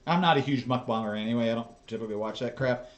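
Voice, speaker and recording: A man's voice: medium pitch, rapid-fire, roomy sound. A man hosting a reaction video, talking casually with blunt, profane asides.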